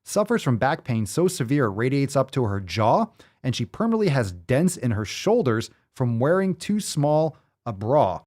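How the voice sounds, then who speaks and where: Animated, profane American man hosting. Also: medium pitch, moderate pace. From United States. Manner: profane, animated, riffing on news stories. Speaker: host. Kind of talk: casual commentary.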